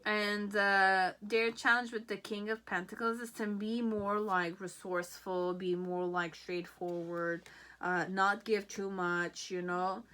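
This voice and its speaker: A woman's voice: medium pitch, level tone, slow, a bit bright. A woman giving a casual tarot reading, chatty and rambling, often checking in with "okay?" and "you know". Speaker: tarot reader. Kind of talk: casual pick-a-card reading.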